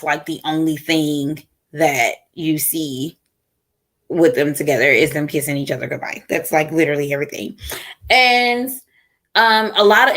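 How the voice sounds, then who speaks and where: A woman's voice: low-pitched, a bit bright. Weary woman venting on a livestream. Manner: frustrated, weary, rambling. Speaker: livestream host. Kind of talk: casual livestream chat.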